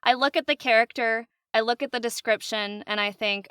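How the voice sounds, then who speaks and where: A woman voice actress chatting as a guest on a podcast, animated and laughing often. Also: high-pitched, a little fast, hardly any pauses, clear, resonant tone, dry recording, studio quality. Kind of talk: casual podcast interview.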